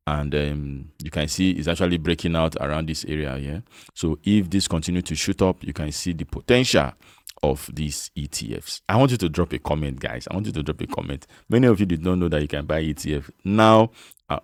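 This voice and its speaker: A man's voice: rumbling low, dry recording, clean studio sound. A man with a Nigerian accent hosting a casual finance tutorial, chatty and coaxing, often checking that the listener follows along. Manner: chatty, repeats "you understand?", coaxing. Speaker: investment channel host.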